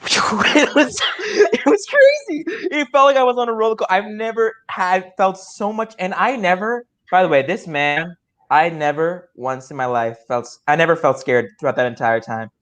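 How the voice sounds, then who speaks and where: A young man, an improv player, telling a comic story in an excited, rambling way with many stammered restarts over a video call. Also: fairly high pitch, moderate pace.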